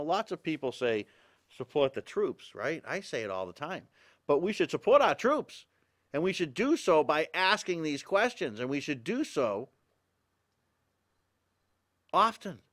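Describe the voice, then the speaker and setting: A man's voice: a little high, fairly bright tone. A middle-aged man hosting a talk show, delivering an emphatic political monologue full of rhetorical questions and asides to the audience.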